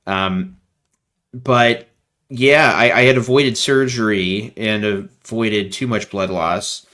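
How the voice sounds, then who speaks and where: A man talking as a guest in a casual interview over a video call, animated and rambling with lots of fillers. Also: lowish voice, slow pace.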